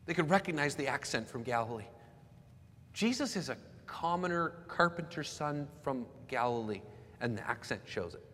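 A Canadian man in his forties preaching a sermon, swinging between loud emphasis and hushed near-whispers. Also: medium pitch, sing-song, normal speed. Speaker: pastor. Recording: long hall reverb, faint background noise.

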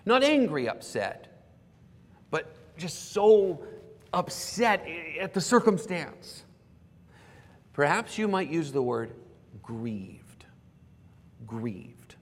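A man's voice: high voice, big pitch swings, slow, long pauses. Earnest male pastor in a reverberant church. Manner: earnest, explanatory, repeats key words softly for emphasis. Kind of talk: sermon. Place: church sanctuary. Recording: preached in a reverberant church hall.

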